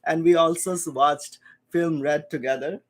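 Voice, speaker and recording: Male streamer host, slightly high pitch, patient and chatty, occasional cough. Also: steady tone, normal speed. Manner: explains patiently, many restarts. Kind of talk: casual chat on a livestream.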